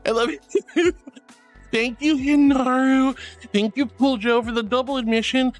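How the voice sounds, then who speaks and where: A woman's voice: high voice, steady tone, unhurried, faint music behind. A woman streaming live, chatting playfully and theatrically with her chat and reading their messages aloud.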